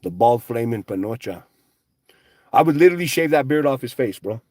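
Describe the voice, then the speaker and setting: A man's voice: mid-range voice, expressive, a little fast, a little mellow, dry recording. A man hosting a casual livestream, ranting with profane, mocking trash talk while driving. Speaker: livestream host. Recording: street and car noise behind.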